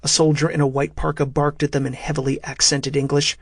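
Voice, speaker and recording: A man narrating a thriller audiobook in a steady, measured way. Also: on the high side, vocal fry, no echo, studio quality.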